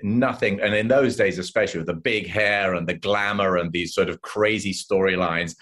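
Lively English man telling stories. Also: deep voice. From England. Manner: lively anecdotes, quoting others with voices. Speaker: actor guest. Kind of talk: casual interview storytelling.

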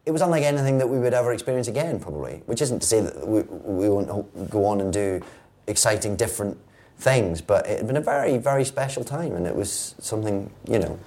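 A man's voice: on the low side, lively intonation, fast, mellow. A Scottish man, a guest actor, talking reflectively and wryly in a casual interview. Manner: reflective, wry and playful.

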